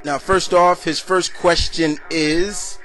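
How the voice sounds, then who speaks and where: A man's voice: sits high, steady tone, slow, fairly bright tone, soft background music. A young man hosting a casual video blog, answering viewer questions in a rambling way with many fillers and restarts.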